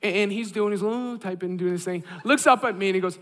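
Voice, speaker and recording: Bright-voiced pastor in a big hall. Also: male voice, high-pitched, fast. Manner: animated, self-deprecating storyteller. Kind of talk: sermon with humorous storytelling.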